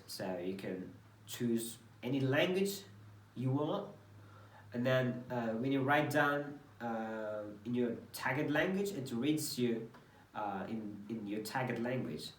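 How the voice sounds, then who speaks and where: A man's voice: mid-range voice, a little hiss or hum. A man who teaches English, explaining a website in a hesitant way with many fillers. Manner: hesitant, many ums and uhs. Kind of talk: screen-share tutorial.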